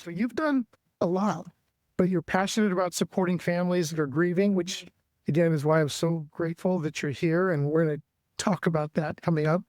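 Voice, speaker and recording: A man's voice: high voice, a little mellow, dry recording. A man hosting a church family talk show, introducing his guests in a loose, friendly way. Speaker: host.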